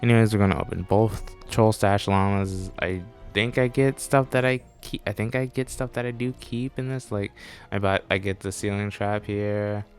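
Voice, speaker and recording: A man's voice: fairly low pitch, moderate pace, faint music behind. A man giving a rambling, self-correcting voice-over commentary on his gameplay, speaking offhand as a gaming channel host. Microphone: desktop mic.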